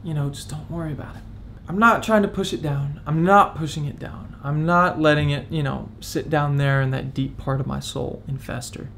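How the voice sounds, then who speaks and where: A man's voice: a little high, steady tone, moderate pace, creaky, hardly any pauses, a bit bright, slight background noise. A young man in his twenties opening up in a confessional vlog, candid and reflective, talking as if close to tears. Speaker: vlogger.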